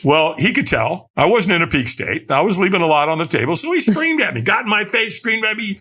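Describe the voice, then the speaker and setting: A man, a podcast guest, telling a story with energy and acting out the voices of the people in it, sometimes shouting their lines. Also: sits high, big pitch swings, brisk, breathy edge. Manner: acts out quoted voices, shouting some lines. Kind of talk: animated storytelling in conversation.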